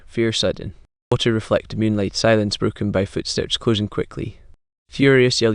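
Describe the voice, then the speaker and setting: Flat, low-voiced male story narrator. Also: normal speed, few pauses, smooth, no echo, clean studio sound. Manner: clipped, terse fragments in an even delivery. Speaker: recap narrator. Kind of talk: scripted dramatic story recap narration.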